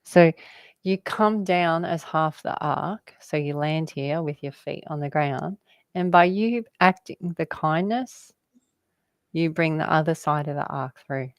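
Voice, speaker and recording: A woman's voice: deep voice, measured pace, dry recording. A woman talking casually about spirituality, rambling and laughing often as she jumps between word associations. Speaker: guest.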